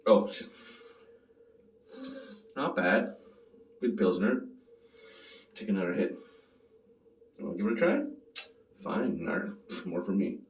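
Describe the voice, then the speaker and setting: A man rambles through a beer tasting, cracking jokes and swearing freely. His voice sits fairly low but swings widely in pitch. The room is echoey, and he is a little way off the mic. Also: sing-song, slow pace, gravelly, long pauses, distant mic. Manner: profane, joking, rambling. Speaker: beer reviewer. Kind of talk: casual beer tasting vlog.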